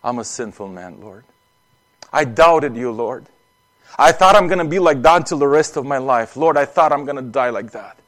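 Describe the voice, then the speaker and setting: A man voicing a humble fisherman who speaks softly and pleadingly. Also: mid-range voice, animated, moderate pace, natural voice. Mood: remorseful. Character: humble fisherman, meek and apologetic.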